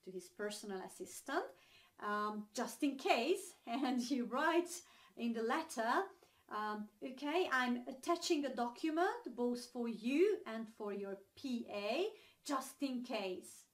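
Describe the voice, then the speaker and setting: A woman's voice: on the high side, expressive, slow. A young adult woman with a Hungarian accent teaches English phrases in a chatty online lesson, explaining each one with everyday examples and frequent ums and uhs.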